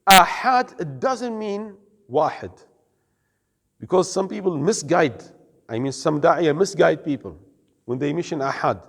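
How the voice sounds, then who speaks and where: A man's voice: fairly high pitch, lively intonation, vocal fry, big-room sound. A man teaching an Islamic studies class, explaining carefully, quizzing his students and mixing in Arabic terms. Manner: explains slowly, asks the class questions, mixes in Arabic words. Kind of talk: classroom lecture.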